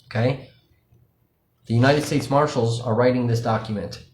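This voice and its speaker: A man's voice: mid-range voice, fairly even intonation, normal speed, a little mellow, slight background noise. A man, an independent livestream journalist, talking casually and profanely to his viewers, explaining things directly to them. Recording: roomy echo.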